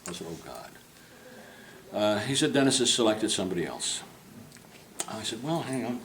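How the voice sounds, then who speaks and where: A man's voice: on the low side, big pitch swings, moderate pace, slight background noise, rough recording. An older man, a portrait painter, telling a long, humorous and digressive anecdote to a group while giving a tour. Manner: humorous, digressive, acts out quoted voices. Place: club interior, in a room with a group.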